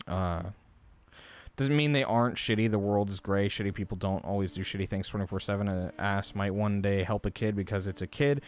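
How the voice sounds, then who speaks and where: A man with a lowish voice chatting casually on a live stream. He rambles and swears freely, jumping between thoughts with lots of fillers. His delivery turns animated when he gets worked up. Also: a little fast, soft background music. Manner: rambling, profane, animated rants. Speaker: livestream host. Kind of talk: casual livestream chat.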